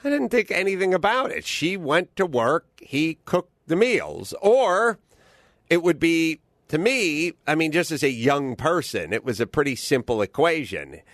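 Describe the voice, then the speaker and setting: Animated, profane man ranting. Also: fairly high pitch, measured pace, no echo. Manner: profane, animated storytelling, swaps into voices for quotes. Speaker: podcast host. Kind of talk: casual comedic rant.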